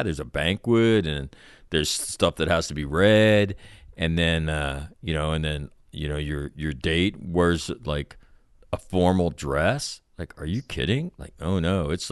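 A man's voice: low voice, no room sound, clean studio sound. A middle-aged man, a former Marine, rambling through a profane story in casual conversation, laughing as he goes. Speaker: former Marine officer recounting stories.

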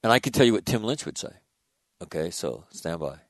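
A man hosts a talk radio show in a loose, blunt style, swearing freely and restarting his sentences as he pushes a point. His voice sits on the low side. The sound is dry and close. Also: sing-song, a little fast, dry recording. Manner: blunt, profane, emphatic with many restarts. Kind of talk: casual talk radio commentary.

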